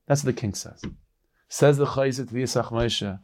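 A man with a middle-pitched voice tells a story like he's chatting with old friends. His delivery is lively and loose, full of restarts and repeated words. The sound is close and dry, with no room around it. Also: normal speed, dry recording. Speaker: storyteller rabbi.

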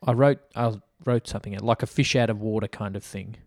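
Aussie bloke on a movie podcast, lots of questions, acts out bits of scenes. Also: male voice, on the low side, steady tone, fairly quick, vocal fry, darkish tone. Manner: talkative, questioning, acts out quotes playfully. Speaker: podcast co-host. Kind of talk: casual film discussion chat.

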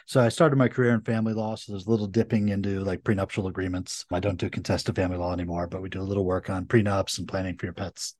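A man from Connecticut, an attorney guest on a podcast, telling stories in a brisk, chatty way. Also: fairly low pitch, a little mellow, no echo. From Connecticut, USA. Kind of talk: casual interview chat.

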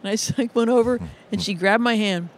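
High-voiced middle-aged man, earnest storyteller. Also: fast, slight background noise. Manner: earnest, with frequent restarts and repeated words. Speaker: music educator. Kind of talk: conversational interview storytelling.

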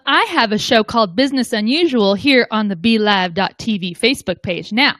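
A woman's voice: fairly high pitch, fairly bright tone, no echo. A woman talking as a guest host on a live show, chatty and playful. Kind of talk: casual live show chat.

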